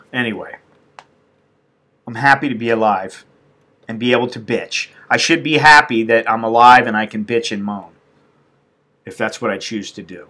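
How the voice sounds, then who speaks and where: Middle-aged man from the States, bright forceful voice, swearing freely on a live-stream rant. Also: medium pitch. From United States. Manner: profane, venting, blunt. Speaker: expat vlogger.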